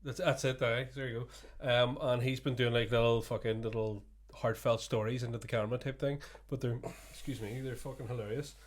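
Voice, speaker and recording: A man's voice: mid-range voice, fairly even intonation, fairly quick, hardly any pauses. A man co-hosting a podcast, chatting casually, swearing freely and laughing through his stories. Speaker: podcast co-host. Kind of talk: casual chat.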